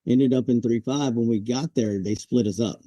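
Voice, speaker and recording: A man's voice: mid-range voice, normal speed, warm tone, dry recording, dull audio. A man in his forties, a Marine veteran guest, telling his story casually on a podcast, chuckling and acting out the sergeants he quotes. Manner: laid-back, chuckles, acts out quoted drill instructors.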